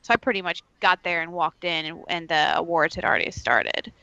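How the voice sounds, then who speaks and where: A woman's voice: lowish voice, lively intonation, brisk, vocal fry, bright, forceful tone, no echo, lo-fi sound. A woman co-hosting a podcast, chatting casually and using lots of fillers. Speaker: podcast co-host. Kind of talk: casual chat.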